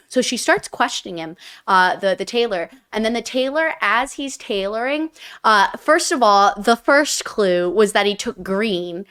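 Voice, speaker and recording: A woman's voice: mid-range voice, animated, unhurried, fairly bright tone, clean tone. A woman co-hosting a book club podcast, retelling a novel's plot in a casual, rambling way with lots of fillers.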